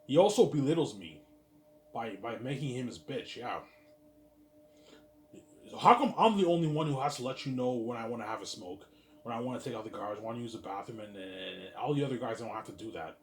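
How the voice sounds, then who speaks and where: Faint music plays behind a weary vlogger whose mid-range voice is animated and fairly quick. In a casual storytelling monologue he rambles and repeats himself, swearing, tripping over his words and muttering to himself.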